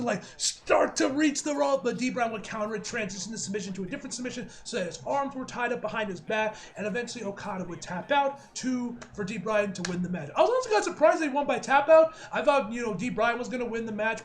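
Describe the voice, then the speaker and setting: An excitable young man breaks down a wrestling match in a casual video review. His voice sits very high and his words tumble out quickly, full of slang, laughter and swearing.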